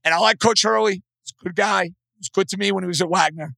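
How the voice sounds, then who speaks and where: Hoarse New male sports radio host, high and gravelly, blunt takes, dry studio sound. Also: fast talker, pushed and bright, no echo. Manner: blunt, opinionated.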